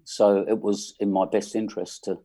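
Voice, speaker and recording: With a lowish, mellow voice and little pitch movement, a roughly sixty-year-old Englishman appears as a musician guest. In a relaxed interview he takes his time over wry stories, saying um a lot.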